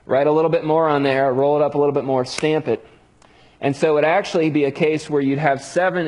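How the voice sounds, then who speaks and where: A man preaching a sermon, building drama with hushed pauses and rising emphasis. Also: fairly high pitch. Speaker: pastor.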